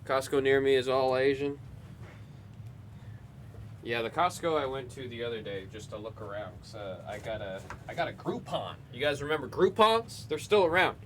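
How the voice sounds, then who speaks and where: The clip features a male host of a live card break who names each player as he goes while rambling and joking loosely. His mid-range voice is a bit bright and moderately paced, with slight background noise.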